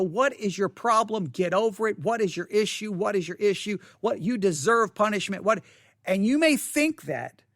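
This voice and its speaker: A man's voice: high voice, fairly bright tone, dry recording, clean studio sound. A man giving a devotional Bible teaching for a podcast, thinking aloud with restarts and stammers while seated at a desk.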